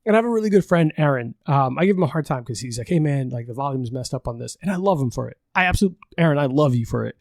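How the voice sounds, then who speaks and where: A man hosting a podcast, talking quickly in a relaxed, rambling way and swearing freely. His voice sits at a middle pitch and comes across close and dry, with no room sound around it. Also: vocal fry, dry recording. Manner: profane, laughing, rambling. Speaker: podcast host. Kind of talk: casual chat.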